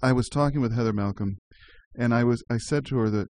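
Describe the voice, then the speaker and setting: A man's voice: medium pitch, fast, a little mellow, a little hiss or hum. A man hosting a community radio show, talking in a chatty way and laughing easily. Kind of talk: casual community radio chat.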